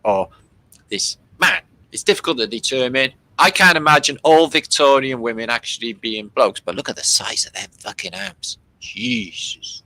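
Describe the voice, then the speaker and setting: Sweary animated British man streaming. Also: medium pitch, normal speed, low-quality recording. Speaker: livestream host. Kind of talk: casual livestream commentary.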